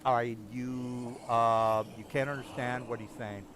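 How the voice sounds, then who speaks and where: A man running a tabletop game as game master, talking in halting runs with lots of fillers and restarts. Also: medium pitch, little pitch movement, fairly bright tone. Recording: noisy online voice chat.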